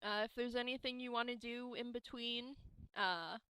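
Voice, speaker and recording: A woman running a tabletop game as game master, relaxed and hesitant as she narrates. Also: a little high, smooth, dry recording. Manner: relaxed and unhurried, with many hesitations.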